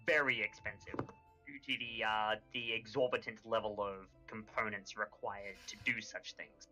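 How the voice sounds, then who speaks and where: A man playing his character at a tabletop game, explaining slowly and deliberately with stumbling restarts. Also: on the low side, flat delivery, pushed and bright, faint music behind, poor audio. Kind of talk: in-character tabletop role-play.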